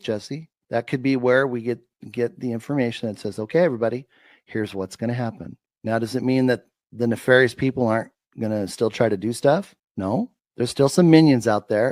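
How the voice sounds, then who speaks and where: A man talks with the emphatic cadence of a preacher, hammering and repeating his points. His voice sits at an ordinary middle pitch. The sound is dry and close, with no room echo. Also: a little mellow. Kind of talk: preachy faith-filled commentary.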